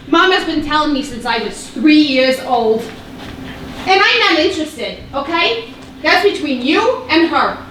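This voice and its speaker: An actress playing a feisty sixteen-year-old daughter on a live stage, sarcastic and scornful with rapid outbursts. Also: female voice, high voice, sharp tone, a little hiss or hum. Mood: defiant. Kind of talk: live stage play acting. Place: theater stage. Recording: echoey stage from far off, faint ambience.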